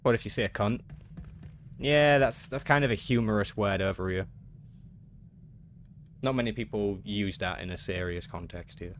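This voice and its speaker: A man with an English accent talks casually to his live-stream viewers, answering their questions one by one. His voice sits on the low side, with a faint hiss in the background. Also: moderate pace, long pauses. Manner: easygoing, reads and answers chat aloud. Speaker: game streamer.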